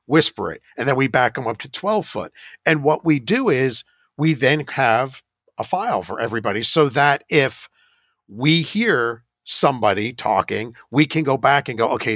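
A man who runs a paranormal investigation team tells a story in a chatty, self-deprecating way, laughing at himself now and then. His voice sits at a middle pitch. The sound is dry and close, with no room echo. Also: a bit bright. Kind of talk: casual anecdotal storytelling.

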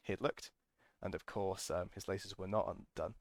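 A man's voice: low-pitched, fairly even intonation, normal speed, no room sound, studio quality. A man hosting a podcast, telling a casual, enthusiastic story full of ums and restarts. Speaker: podcast host.

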